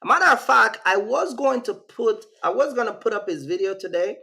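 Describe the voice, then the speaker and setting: A Jamaican man hosts his own channel live, talking in a rambling, slangy way and answering the chat as he goes. His voice sits a little high and has a rough, fry-filled edge. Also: expressive, a little fast, pushed and bright. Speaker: channel host. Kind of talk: casual livestream chat.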